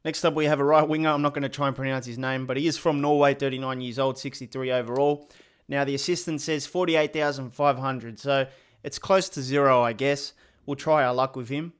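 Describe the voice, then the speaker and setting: A man's voice: medium pitch, fairly even intonation, brisk, clean tone. A man giving casual, joking commentary over a football video game. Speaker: gaming youtuber. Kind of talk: gameplay commentary.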